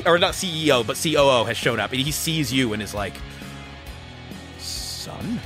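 A man's voice: medium pitch, expressive, quick pace, music in the background. A man narrating a tabletop game as game master, full of fillers and laughter.

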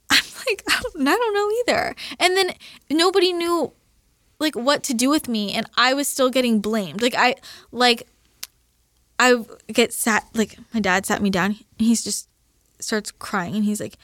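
Young woman guest, a touch high-pitched, animated storyteller who swears freely and acts out her quotes; dry, close recording. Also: a little slow, dry recording. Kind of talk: casual podcast chat.

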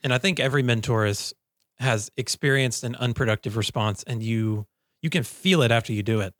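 Man, young adult, mid-pitched voice, dry recording, measured podcast talk. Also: a bit bright, dry recording. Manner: reflective, measured, tells personal anecdotes. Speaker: podcast co-host. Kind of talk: casual podcast conversation.

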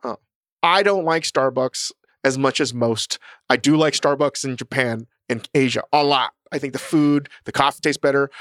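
A man's voice: mid-range voice, moderate pace, fairly bright tone, no echo, clean studio sound. A man co-hosting a podcast in casual chat, blunt and profane, a chef talking about his restaurants.

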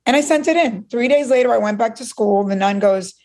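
A woman's voice: fairly high pitch, fairly quick. A woman from Cuba telling a story as a guest in a conversation, acting out the voices she quotes. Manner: animated, acts out quoted voices.

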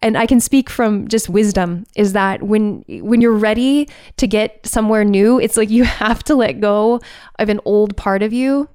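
A woman's voice: medium pitch, a little slow, darkish tone, clear, resonant tone, no room sound, studio quality. A woman giving a heartfelt, reflective talk to camera about recovery. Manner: heartfelt and searching.

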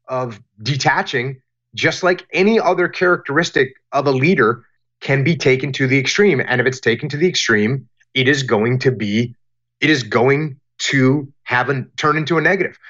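A man answering interview questions about leadership in a deliberate, emphatic way, often repeating phrases for emphasis. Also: medium pitch, fairly bright tone, muffled recording. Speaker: guest, former military leader.

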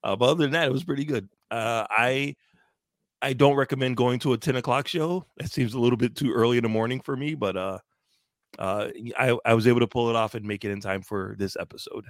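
A man of middle pitch tells a loose story as a podcast co-host. He rambles with plenty of filler words and laughs along the way. The recording is dry and close. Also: fast talker, dry recording. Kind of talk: casual chat.

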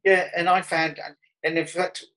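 Speaking unhurriedly in a level, sharp voice on the high side, a Birmingham-born man with the local accent appears as an artist guest in an interview. He wanders through a travel story full of restarts and chuckles, heard on a rough recording.

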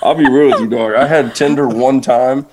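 A man's voice: medium pitch, fairly even intonation, moderate pace, background noise. A man talking as a podcast guest in casual chat, often laughing and rambling with lots of restarts. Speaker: guest drummer.

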